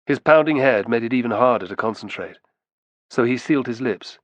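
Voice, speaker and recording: A man reading an audiobook in a steady, measured storytelling manner on a close studio mic. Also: mid-range voice, dry recording, muffled recording. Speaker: audiobook narrator. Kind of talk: scripted narration.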